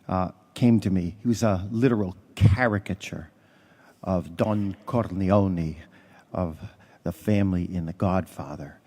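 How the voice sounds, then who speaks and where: Priest chatting through a homily, low mellow voice, relaxed storytelling. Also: male voice. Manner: conversational storytelling with fillers. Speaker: parish priest. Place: church.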